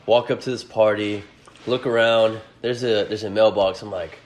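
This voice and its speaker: A man's voice: on the low side, fairly even intonation, normal speed. A man in his twenties hosting a podcast, telling rambling, profane stories in casual chat and acting out the quotes. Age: 20s. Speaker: podcast host.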